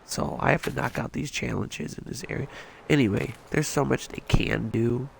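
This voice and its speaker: A man streams over a headset, his voice deeply gravelly and congested from a cold. He rambles in a frustrated, foul-mouthed rant. Steady background noise sits under his voice. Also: moderate pace. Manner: rambling, frustrated, swears freely. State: stuffed up, just woke up. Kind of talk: casual gaming stream rant.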